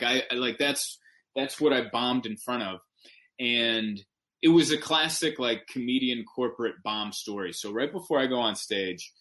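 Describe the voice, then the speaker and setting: Chatting casually as a guest on a podcast, a stand-up comic with a mid-range voice spins a story, punching it with emphatic energy and correcting himself on the fly.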